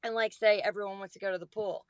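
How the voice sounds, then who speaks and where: A woman in her forties co-hosting a podcast, telling a story in a chatty, animated way. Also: mid-range voice, fast talker, clear, resonant tone, dry recording. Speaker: podcast co-host. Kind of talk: casual storytelling.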